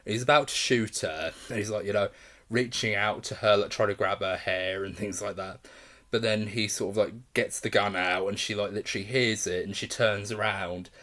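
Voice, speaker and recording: A man's voice: lowish voice, steady tone, moderate pace, pushed and bright. A man giving a casual film review, rambling with enthusiasm, restarting sentences and often laughing.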